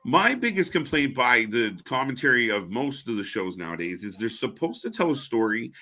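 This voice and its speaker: A man's voice: mid-range voice, very animated, normal speed, sharp tone. A man co-hosting a casual live wrestling commentary stream, blunt and opinionated, swearing now and then. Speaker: co-host.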